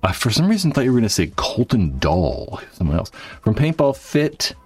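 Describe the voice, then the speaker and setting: A man's voice: lowish voice, sing-song, normal speed, darkish tone, slightly rough, soft background music. A man hosting his YouTube channel, chatting casually to viewers in a rambling way, with lots of fillers and swearing. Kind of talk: casual livestream chat.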